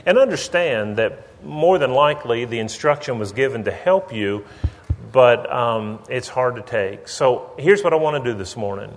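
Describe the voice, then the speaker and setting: A middle-aged male pastor delivers a sermon in a relaxed, conversational way, drawing on homespun examples from family life. His voice is of ordinary middle pitch. A long reverb trails after his words, as in a large church. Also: normal speed. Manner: conversational, with folksy everyday examples.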